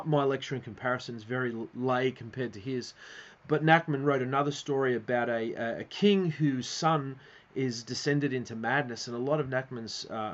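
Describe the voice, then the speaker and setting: A man's voice: medium pitch, lo-fi sound. A man giving a casual spoken lecture, rambling and hesitant, with many fillers and restarts. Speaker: video lecturer.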